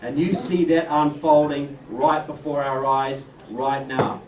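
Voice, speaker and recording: A man's voice: a little high, fairly even intonation, measured pace, darkish tone, a little hiss or hum. A man with a New Zealand accent giving an emphatic political speech to an audience, joking and calling them folks. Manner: emphatic, jokey, addresses crowd as folks. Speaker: guest speaker. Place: indoor event room. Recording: distant roomy mic with crowd.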